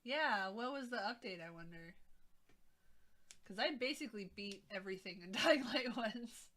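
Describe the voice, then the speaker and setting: A woman game streamer chatting casually on a live stream, excitable and thinking out loud. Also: a little high, moderate pace.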